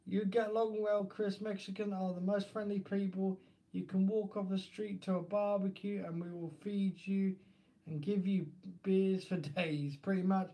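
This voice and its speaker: A man's voice: high-pitched, flat delivery, moderate pace, warm tone. A man with an Essex accent chatting casually and rambling on a live stream, laughing often.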